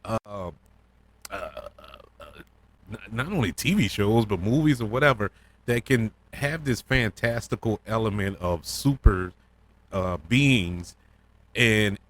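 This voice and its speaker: Man, low voice, casual solo podcast review, excitable, rambling, restarts and fillers. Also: slow pace. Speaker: podcast host reviewing a TV episode.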